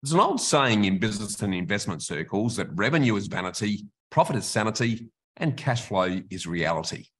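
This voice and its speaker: A man's voice: fairly low pitch, expressive, fairly quick, few pauses, fairly bright tone, breathy edge. Matey Australian male podcast host. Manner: friendly, matey, laughs easily. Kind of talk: casual chat.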